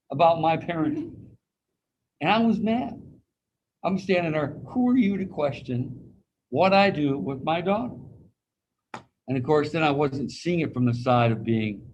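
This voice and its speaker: A man with a fairly high voice leads a casual anatomy class over a video call, folksy and anecdotal, mimicking the people he quotes. The recording is rough, with slight background noise.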